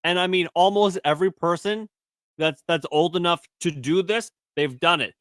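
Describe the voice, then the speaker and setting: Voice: mid-range voice, normal speed, fairly bright tone, no room sound, clean studio sound. A podcast host chiming in with brief, wry remarks. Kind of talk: podcast interview.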